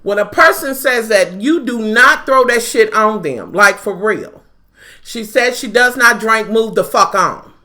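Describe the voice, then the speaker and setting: Sassy woman ranting about a reality show episode, cusses a lot, kinda high and sharp voice. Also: lively intonation, a little slow. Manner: blunt, profane, sassy running commentary. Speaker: TV recap vlogger. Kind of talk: casual reality-TV review.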